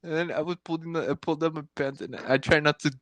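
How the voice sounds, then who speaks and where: A man's voice: fairly high pitch, steady tone, quick pace, a bit bright, no room sound. Rambling, foul-mouthed young man. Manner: rambling, profane, laughing often. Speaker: podcast co-host. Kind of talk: crude casual storytelling.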